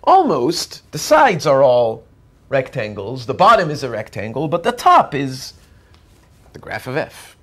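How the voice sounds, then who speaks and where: A man's voice: mid-range voice, wildly swooping pitch, measured pace. A man giving a university math lecture, explaining step by step as he draws and often checking that students follow. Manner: explains step by step while drawing.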